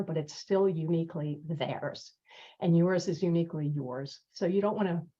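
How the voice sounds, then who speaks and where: Husky woman teaching listening skills. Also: fairly low pitch. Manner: lively, laughs often, acts out example lines. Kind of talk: webinar talk. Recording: muffled video call audio.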